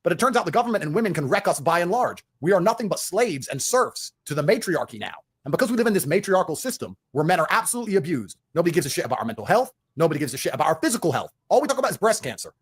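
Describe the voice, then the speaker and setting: A man's voice: high-pitched, sing-song, racing, hardly any pauses, husky. A man ranting in a heated interview, profane and repetitive, hammering his points with declarations. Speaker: interview guest.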